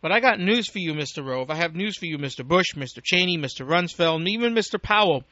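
A man's voice: a little high, lively intonation, fast talker, pushed and bright, no room sound. An American man giving an angry, profane, rambling political rant as a talk radio host, on a dull lo-fi recording. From United States.

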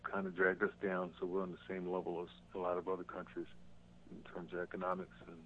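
A man's voice: low-pitched, monotone, a little hiss or hum. Man on a tinny phone line. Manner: halting, repeats words. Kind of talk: casual political talk.

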